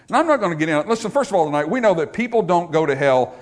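A man delivering a sermon at a church service, his pitch rising and falling in a lively, sing-song way. His voice sits a little high for a man. He preaches with animation and drops in playful asides. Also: rapid-fire. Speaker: pastor.

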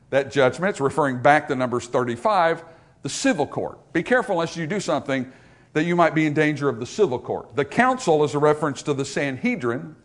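A man preaching a sermon as a pastor at a church service, animated and full of joking asides. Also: on the high side.

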